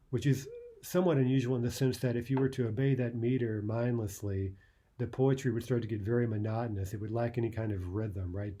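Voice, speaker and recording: A man's voice: medium pitch, warm tone. A man teaching a poetry lesson, thinking aloud with many "uh"s and "right?"s as he explains a poem line by line.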